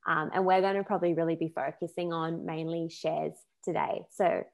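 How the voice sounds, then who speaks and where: A woman's voice: sits low, fairly even intonation, moderate pace, vocal fry, darkish tone. A woman, a money coach, presenting a finance talk in a chatty, loose way with fillers.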